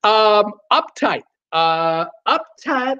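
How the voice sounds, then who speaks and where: A man runs a live trivia game, reading out viewer guesses in a halting way with many fillers. He sometimes half-sings a song title. The stream audio is dull and lo-fi. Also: high-pitched, big pitch swings, sharp tone, clear, resonant tone. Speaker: live trivia show host.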